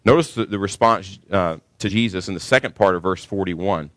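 A male pastor with a lowish voice preaches to his church, emphatic and driving, his voice climbing hard on the points he wants to land. The sound is close and dry, with little room echo. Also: a little fast, fairly bright tone. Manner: emphatic preaching, rising sharply when stressing a point. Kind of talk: sermon.

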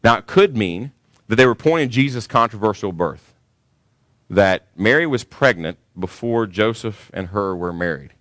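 A man's voice: on the low side, animated, moderate pace, a bit bright, no room sound. A man pastor delivering a sermon to his congregation, preaching emphatically and rising sharply when he stresses a point.

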